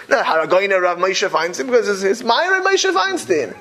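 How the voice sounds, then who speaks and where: A man's voice: sits high, very animated, brisk, few pauses, a bit bright, rough recording. A man talking casually and animatedly, rambling through many fillers and restarts. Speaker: speaker. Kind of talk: casual talk on religious community life.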